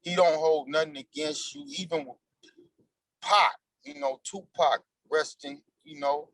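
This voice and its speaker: A man's voice: a little high, measured pace, fairly bright tone, no echo, poor audio. A man in his forties, an actor being interviewed, talking in a loose, slangy and emphatic way. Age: 40s. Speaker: actor guest. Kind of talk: casual interview chat.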